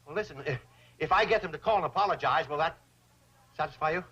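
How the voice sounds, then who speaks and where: A pompous, fussy old banker. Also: male voice, a little high, quick pace, bright, forceful tone, slightly rough. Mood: scheming. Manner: pompous and flowery, then pleading. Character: fussy, scheming older male banker. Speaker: bank president. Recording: dull old TV audio with hiss.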